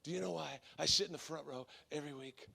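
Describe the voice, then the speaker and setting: A man doing a quiet, menacing mob-type tough guy. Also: fast, creaky, breathy edge, exaggerated voice. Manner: soft, low, flat mutter. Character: hulking intimidating mob-style man, quiet and terse.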